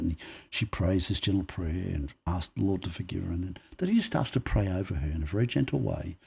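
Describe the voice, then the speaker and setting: With a deep, gravelly, husky voice, an Australian podcast guest races through personal stories at a quick pace with hardly any pauses. He animatedly acts out the quoted dialogue as the conversation unfolds.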